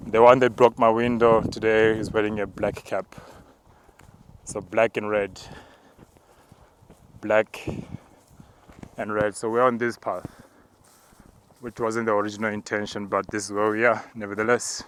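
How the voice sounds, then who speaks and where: A low-voiced man narrates a spiritual walk as he climbs a mountain path outdoors. He talks calmly and in a measured way, and now and then breaks into tongues. His voice stays fairly level, with little rise and fall. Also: clear, resonant tone. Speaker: apostle.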